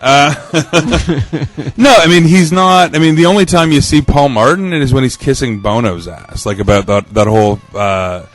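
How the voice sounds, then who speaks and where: A man's voice: medium pitch, a little slow. A man from Canada, a guest on a casual podcast, talking hesitantly with many restarts and sounding tired.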